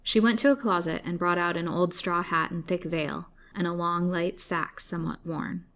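A woman storyteller reading an old serialized novel aloud in a measured, dramatic way. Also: fairly low pitch, steady tone, a bit bright. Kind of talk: scripted narration of a serialized novel.

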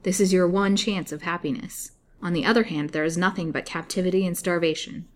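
A woman voicing a cold, insistent young male suitor in a storybook reading, speaking forcefully. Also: deep voice, fairly quick, natural voice. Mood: pleading. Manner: forceful, imploring then menacing.

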